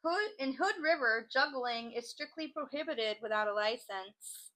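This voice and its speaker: A woman's voice: fairly high pitch, lively intonation, measured pace, bright, forceful tone, low-quality recording. A woman hosting a crafting channel, chatting casually and joking as she reads out odd laws. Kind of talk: casual chat while crafting.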